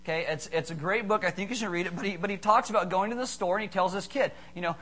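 A male pastor giving a jokey, animated sermon, acting out little voices as he tells his stories. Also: high-pitched, quick pace, few pauses. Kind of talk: humorous sermon.

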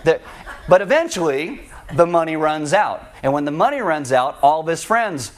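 A man preaching a sermon, retelling a parable in an animated, conversational way. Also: on the high side, normal speed. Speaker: pastor.

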